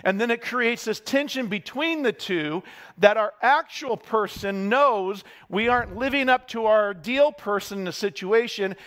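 High-voiced man preaching a sermon. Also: a bit bright. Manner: candid, self-deprecating storytelling.

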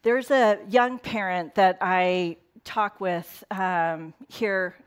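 A middle-aged woman pastor preaches in a loose, talky way, trailing off into asides and chuckles. Her pitch sits in the middle for a woman. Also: fairly even intonation, very slow, clear, resonant tone. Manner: conversational, laughing asides, quotes in put-on voices. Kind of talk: casual sermon.

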